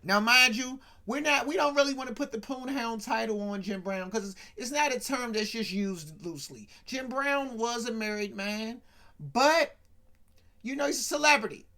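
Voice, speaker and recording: A man's voice: moderate pace, bright, forceful tone. A man hosting a casual talk show, retelling a comedy sketch with asides to viewers and jumpy voices for quotes. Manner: chatty, asides to viewers, mimics quotes with pitch jumps. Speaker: podcast host.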